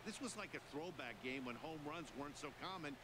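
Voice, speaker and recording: A man's voice: a little high, expressive, brisk. A man giving baseball color commentary in a conversational, analytical manner. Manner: conversational, gives analysis and advice. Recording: game audio with loud crowd.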